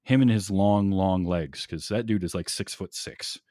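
A man's voice: sits low, normal speed, warm tone, dry recording, clean studio sound. A man co-hosting a casual movie discussion, enthusiastic and rambling, laughing often. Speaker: podcast co-host.

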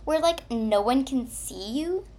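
A woman's voice: high-pitched, animated, unhurried, voice pushed up, exaggerated voice. A woman voicing Hairbrush, a snooty, stuck-up female hairbrush who talks down to others in a fake-sweet voice full of "like". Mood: fake nice. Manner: fake-sweet, condescending, drawls "like". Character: snooty female hairbrush, queen-bee mean girl.

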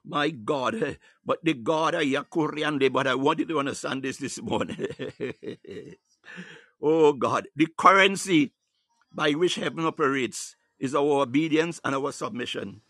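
A man's voice: mid-range voice, a little slow, a bit bright, husky, no room sound. A man preaching a sermon, filling his phrases with "hallelujah" and "ah, my God" and breaking into tongues.

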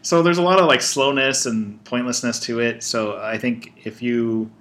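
A man's voice: medium pitch, fairly even intonation, moderate pace, fairly bright tone. A man in casual conversation, rambling with many "like"s and restarts. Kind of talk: casual chat.

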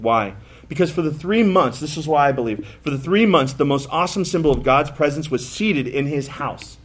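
Middle-aged guy preaching, talks like he's chatting, pokes fun at himself, gets loud on the big points. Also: medium pitch. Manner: conversational, self-deprecating, with rising emphatic bursts. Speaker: pastor. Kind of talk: sermon. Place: church sanctuary.

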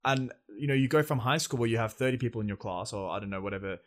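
A young Australian man co-hosting a casual chat, laid-back and sweary, quick to agree. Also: medium pitch. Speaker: podcast co-host.

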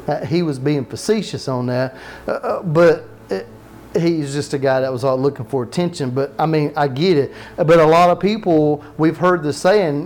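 A pastor giving a sermon to a live congregation, preaching conversationally, asking the people questions, repeating phrases for emphasis and dropping in joking asides. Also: male voice, a little high, normal speed, darkish tone. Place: church sanctuary with live congregation.

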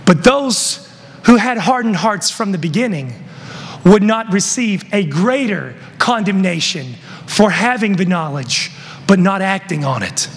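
A man preaching a sermon and reading scripture, emphatic and rising to shouted peaks. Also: high-pitched, expressive, unhurried, breathy edge, long reverb tail. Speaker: pastor.

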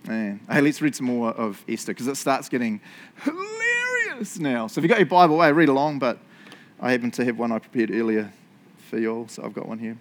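A middle-aged man giving a relaxed sermon. He talks to his congregation like friends, confessional and self-deprecating, and laughs easily. His voice sits at an ordinary middle pitch. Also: quick pace. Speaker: pastor. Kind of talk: casual conversational sermon.

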